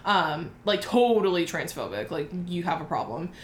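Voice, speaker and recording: A woman co-hosting a casual chat show, telling a story in a brash, profane, animated way. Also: fairly low pitch, moderate pace, roomy sound, a little hiss or hum. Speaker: podcast co-host.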